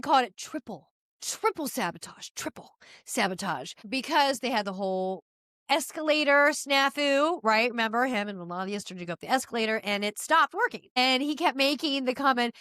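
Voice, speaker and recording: A middle-aged woman hosting a podcast, giving opinionated casual commentary in an animated, exasperated rant with frequent asides. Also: high voice, no room sound, clean studio sound. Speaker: podcast host.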